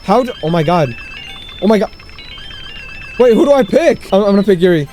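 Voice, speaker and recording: A man playing a horror game for the first time, reacting with excitable shouts and exclamations. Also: sits high, a little fast, long pauses, no room sound, faint music behind. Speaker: gaming streamer.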